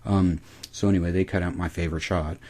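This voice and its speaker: A man with a low, husky voice recaps an episode in a loose, rambling way. His tone is mellow and dark, and he swears freely as he talks. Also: steady tone, fast. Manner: rambling, profane.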